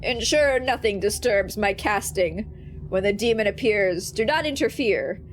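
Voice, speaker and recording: A woman's voice: mid-range voice, expressive, unhurried, a little hiss or hum, voice pushed down, close to an everyday voice. A woman voicing a cruel, haughty female drow spellcaster, reading game dialogue in a stern, commanding way.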